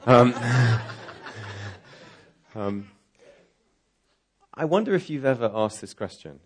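A man's voice: mid-range voice, big pitch swings, takes it slowly, pauses often. A man giving a sermon as guest speaker, talking in a conversational, reflective way and posing rhetorical questions. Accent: distinctive accent he says is real. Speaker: guest preacher.

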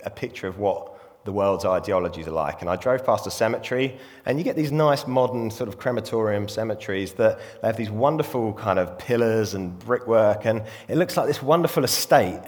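A man's voice: fairly low pitch, expressive, brisk, big-room sound. A man preaching a sermon in a conversational way, asking rhetorical questions and putting on voices. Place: church.

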